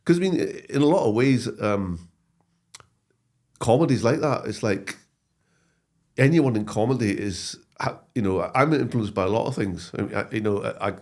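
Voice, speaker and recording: Interview guest: man, low voice with lively swings, animated storyteller, frequent restarts. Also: moderate pace. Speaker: guest, comedy actor and writer. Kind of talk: casual interview chat.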